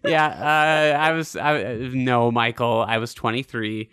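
A man's voice: medium pitch, takes it slowly, fairly bright tone, smooth, dry recording, clean studio sound. A man from Utah hosting a casual podcast chat, telling rambling self-deprecating stories and swearing casually. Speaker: podcast host.

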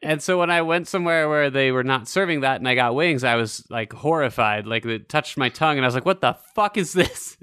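A man's voice: medium pitch, fast, hardly any pauses, sharp tone, smooth, no echo, studio quality. A man from Utah hosting a casual podcast chat, telling rambling self-deprecating stories and swearing casually. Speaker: podcast host.

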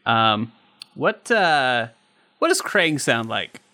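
A man with a bright, forward voice chats casually with co-hosts about old games. He jokes, laughs readily and drops the odd swear word. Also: mid-range voice, very animated, slow. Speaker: podcast co-host. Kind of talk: casual chat.

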